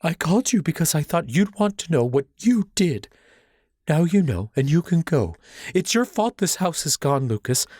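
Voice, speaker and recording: Guy doing a teary mom, bitter and blaming, voice pushed up high. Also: sing-song, a little slow, a little mellow, breathy edge, no room sound, clean studio sound, heavily acted. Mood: hurt, bitter. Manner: tearful, cold and accusing. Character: grieving bitter middle-aged mother.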